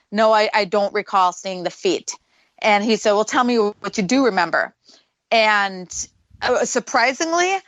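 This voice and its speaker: A woman's voice: mid-range voice, a bit bright, no room sound, muffled recording. A woman, a paranormal investigator, tells a story on a radio show and acts out the voices she quotes.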